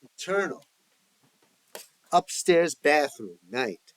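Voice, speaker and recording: A man's voice: on the high side, sing-song, slow pace, a bit bright, poor audio. A man reading his own screenplay aloud, stage directions and all, now and then stopping to correct himself.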